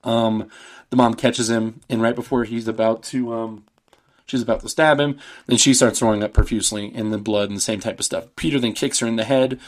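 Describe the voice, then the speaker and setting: A man in his thirties hosts a casual podcast and retells a film in a loose, rambling way. He swears freely and slips into the characters' lines with little laughs. His voice sits at an ordinary middle pitch. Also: steady tone, brisk. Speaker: podcast host.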